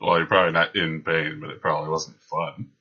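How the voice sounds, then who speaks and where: Deep-voiced man running a tabletop game. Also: flat delivery, fairly quick, bright, forceful tone, slightly rough. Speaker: game master. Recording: dull lo-fi sound.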